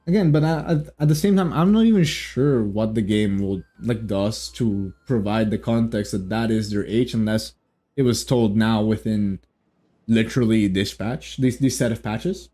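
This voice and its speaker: A man's voice: lowish voice, normal speed, warm tone. A man giving casual commentary on a story game as a streamer, rambling with lots of restarts and joking asides.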